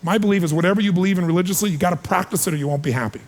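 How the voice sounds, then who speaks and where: A man in his forties giving an energetic, emphatic seminar talk to a live audience, calling for responses. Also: high-pitched, racing. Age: 40s. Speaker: motivational speaker. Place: large hall with a live audience. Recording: long hall reverb.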